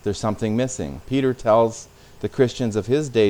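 A man's voice: medium pitch, moderate pace, hardly any pauses, mellow. A man preaching a sermon as a pastor, speaking conversationally and sometimes repeating words.

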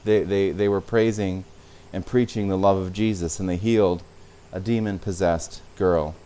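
Low-voiced guy giving a sermon to his church, chatty and loose. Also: fairly even intonation, normal speed, warm tone, slight background noise. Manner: conversational preaching with repetitions. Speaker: pastor.

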